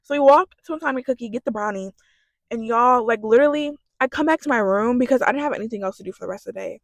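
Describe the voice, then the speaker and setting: A woman's voice: fairly high pitch, racing, no echo. Chatty, swearing young woman telling a story. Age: young adult. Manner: chatty, profane, lots of fillers. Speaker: vlogger. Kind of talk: storytime vlog.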